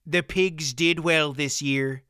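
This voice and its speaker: A man voicing a stubborn, pious older male farmer who speaks firmly and flatly. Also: fairly high pitch, slow, smooth, no echo, clean studio sound. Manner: firm, flat, stubborn.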